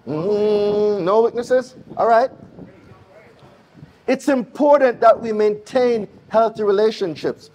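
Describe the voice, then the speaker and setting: A middle-aged man with a Jamaican accent, speaking live on a conference stage with an energetic, preachy manner that calls out to the audience. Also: very high-pitched, moderate pace. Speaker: guest speaker.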